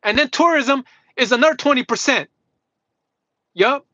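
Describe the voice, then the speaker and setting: Sharp high-voiced man ranting, profane. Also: animated, moderate pace, no echo. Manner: combative, mocking, swears constantly, repeats himself. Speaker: livestreamer. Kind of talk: heated profane rant to live chat. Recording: dull lo-fi livestream audio.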